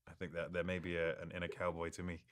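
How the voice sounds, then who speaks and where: A man answering fan questions in a live Q&A, reading each question aloud and replying in a relaxed, good-humored way, often stumbling and restarting. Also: sits low, fast talker. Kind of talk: live social-media Q&A.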